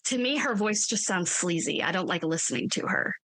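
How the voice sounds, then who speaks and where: Woman podcast cohost, blunt and lively, laughs a lot, really dry close sound. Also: lowish voice, fairly quick, no echo, rough recording. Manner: frank and animated, laughs often. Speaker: podcast co-host. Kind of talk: casual movie-review chat.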